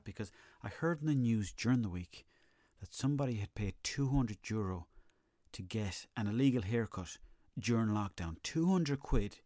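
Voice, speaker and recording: A man's voice: mid-range voice, dark tone, no room sound, clean studio sound. A young Irish man hosting a comedy podcast, telling rambling, profane stories in a casual monologue. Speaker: podcast host.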